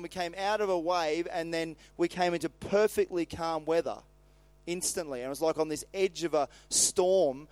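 High-voiced man retelling a Bible story. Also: clear, resonant tone, no room sound. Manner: animated, acts out voices with laughs and asides. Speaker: preacher. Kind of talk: casual Bible storytelling sermon.

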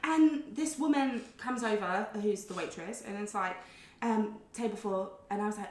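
A woman's voice: medium pitch, normal speed. A young woman, a podcast guest, telling stories in casual chat and acting out dialogue with frequent laughter. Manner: animated, laughs often, acts out dialogue. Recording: roomy echo.

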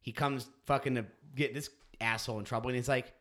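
A man co-hosting a casual podcast, telling stories with lots of swearing and loud acted-out quotes. He grew up on the US East Coast. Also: a little high, fast talker. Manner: animated, swearing, acts out quotes loudly. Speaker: podcast co-host. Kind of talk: casual storytelling chat.

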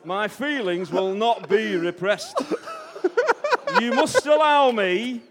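A man putting on a gruff Yorkshire Darcy. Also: high-pitched, very animated, very noisy, voice pushed up, exaggerated voice. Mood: mock ardent. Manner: slow, heavily laughing through declarations.

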